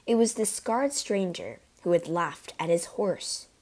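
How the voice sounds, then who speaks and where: Woman reading a storybook, lowish voice. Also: expressive, unhurried, darkish tone. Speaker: narrator. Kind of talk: storybook narration.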